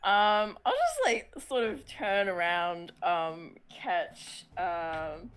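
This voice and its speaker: Slow, hesitant woman player. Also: on the low side, very animated, a bit bright, clean tone. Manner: hesitant, many ums, giggly. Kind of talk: playing a tabletop game.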